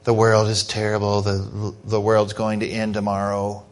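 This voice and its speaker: A man voicing a gloomy, defeated old male donkey, dropping his voice low in a droning, hopeless tone. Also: completely flat delivery, moderate pace, lightly acted.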